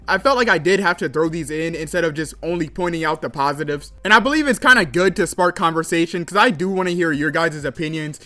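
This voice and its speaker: Young male creator, high-pitched, casual gaming commentary video essay with plenty of filler words. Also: a bit bright. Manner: casual, with frequent fillers like "like" and "kinda".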